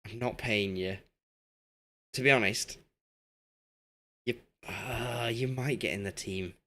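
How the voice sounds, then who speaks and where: Man, game streamer, hoarse and fading voice, lowish pitch, rambling casual chat. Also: slow, sharp tone. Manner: rambling, talks to the game's players as he goes. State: losing his voice. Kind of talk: casual live-stream commentary while playing.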